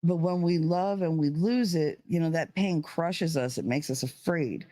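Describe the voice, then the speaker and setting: A livestream host talking in a casual monologue, earnest and emphatic, with many fillers and key words stretched out slowly. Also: mid-range voice, warm tone, dry recording.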